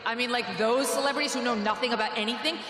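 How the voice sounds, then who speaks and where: A woman's voice: fairly high pitch, fast, sharp tone. A woman giving a sarcastic, mocking political rally speech with punchy delivery. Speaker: rally speaker. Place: large echoing hall. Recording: echoey hall with long reverb, noisy.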